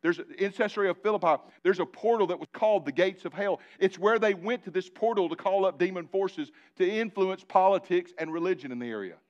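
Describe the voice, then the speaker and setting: A man preaching a live sermon in church, animated and joking with his congregation, calling on them directly. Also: high-pitched, fairly quick, hardly any pauses, dull audio. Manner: animated, talks directly to the congregation with asides and jokes. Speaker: pastor. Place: church sanctuary before a congregation.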